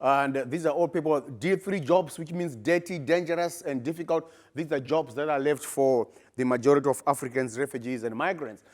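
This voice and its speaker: Animated Zimbabwean man giving a talk. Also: fairly high pitch, moderate pace, hardly any pauses. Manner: animated, emphatic, rising to bursts when making points. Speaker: research presenter. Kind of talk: conference talk.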